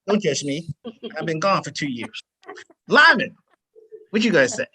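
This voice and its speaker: A man hosting a casual group chat, animated and encouraging. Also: fairly high pitch, normal speed, slightly rough. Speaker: host.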